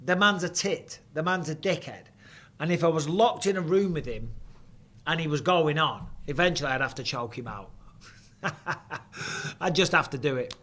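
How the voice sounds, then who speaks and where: Middle-aged man, slightly high pitch, blunt and chatty, swears often, casual fight-stream host. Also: expressive, moderate pace, pauses often, fairly bright tone. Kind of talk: casual live fight commentary.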